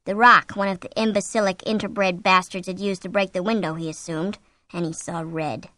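A woman reading a horror novel aloud as an audiobook, with an expressive, suspenseful delivery on a close mic. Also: on the low side, normal speed, dry recording. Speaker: audiobook narrator. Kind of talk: scripted narration of a horror novel.

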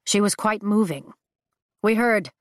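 A woman voicing a proud, careful older brother in a storybook reading, measured in tone. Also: mid-range voice, dry recording, studio quality, voice pushed up, close to an everyday voice.

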